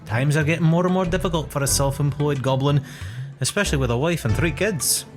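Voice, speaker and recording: A man's voice: fairly high pitch, fairly quick, over music, lightly acted. An actor voicing a polite, chuckling male goblin painter, in a video game. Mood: earnest. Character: cheerful self-employed male goblin painter.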